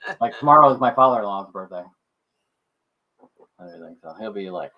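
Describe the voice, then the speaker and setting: A man's voice: lowish voice, lively intonation, brisk. A man from the American Midwest in casual group chat, rambling through stories and swearing freely. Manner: rambling storyteller, swears, repeats "and everything". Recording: dull lo-fi stream audio.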